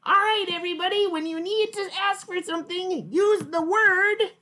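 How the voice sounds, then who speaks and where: A man voicing an eager little puppet boy who is learning words, excitable and childlike. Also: very high voice, voice pushed up. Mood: cheerful. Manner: excitable, childlike, slow and sing-song. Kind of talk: puppet show for teaching.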